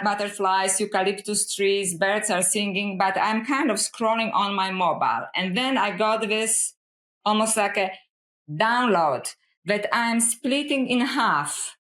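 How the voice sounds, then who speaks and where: Woman guest scholar, reflective and earnest, mid-pitched, echoey room sound. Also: a bit bright. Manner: reflective, earnest, often says "you know". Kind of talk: conversational podcast interview. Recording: roomy echo.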